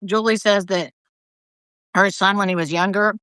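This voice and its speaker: A woman's voice: medium pitch, fairly even intonation, normal speed, a bit bright, smooth, no room sound, clean studio sound. A woman hosting a live audio chat who talks in a wry, chatty, storytelling way. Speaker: host keeping the session on track.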